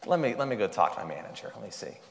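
A man's voice: on the low side, big pitch swings, rapid-fire, creaky. A pastor voicing a doubtful, flustered woman bank teller in a joke. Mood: skeptical. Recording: hall reverb.

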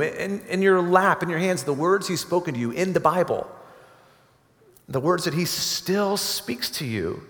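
A man preaching a sermon to a congregation, earnest and emphatic, building to forceful climaxes. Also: high-pitched. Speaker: pastor. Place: church sanctuary. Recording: long hall reverb.

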